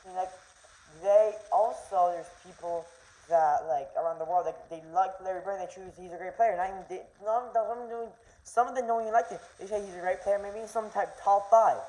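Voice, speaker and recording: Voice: medium pitch, brisk, mellow. Young rambling sports ranter, roomy echo. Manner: rambling, stumbling, heated. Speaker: vlogger. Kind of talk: casual rant. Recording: roomy echo, faint noise.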